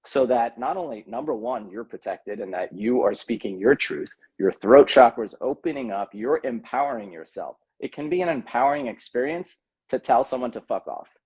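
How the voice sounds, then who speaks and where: A husky man talks through his ideas in an earnest, thoughtful way. He speaks as a podcast guest in casual conversation, stopping often for an um or a restart. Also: medium pitch, lively intonation, normal speed, few pauses, a little mellow. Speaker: podcast guest, tantra coach.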